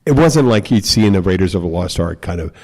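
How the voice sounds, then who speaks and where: Man, low voice, podcast host, rambling bar anecdotes, swears freely. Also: animated, fast, a little mellow, slight background noise. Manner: profane, rambling anecdotes with acted quotes. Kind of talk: casual bar-side storytelling.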